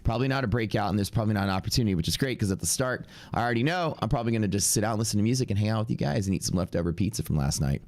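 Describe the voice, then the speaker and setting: A man's voice: on the low side, racing, few pauses, darkish tone. A young adult man with sniffles, casually commentating a live trading stream and thinking aloud as he reads out numbers. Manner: offhand, thinking aloud while reading out numbers. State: congested with sniffles. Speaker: live-stream day trader.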